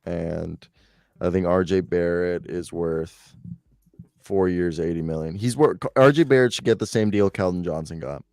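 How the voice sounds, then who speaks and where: A man's voice: deep voice, moderate pace, gravelly, a little mellow, no echo, clean studio sound. A young man co-hosting a casual sports chat show, joking, laughing often and reading news aloud. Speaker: co-host.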